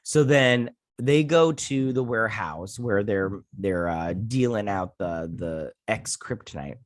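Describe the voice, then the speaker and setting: A man's voice: on the low side, takes it slowly, no room sound, studio quality. A man hosting an online show, casually retelling and reviewing a TV episode with lots of fillers, getting heated with opinions. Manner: rambling retelling with many fillers and acted-out quotes. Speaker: host.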